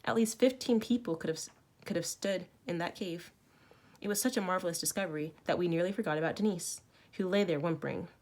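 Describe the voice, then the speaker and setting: Woman teacher reading a story aloud, low voice. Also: fast. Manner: expressive, with small self-corrections. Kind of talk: reading a novel aloud to students. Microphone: recorded at home for online learning.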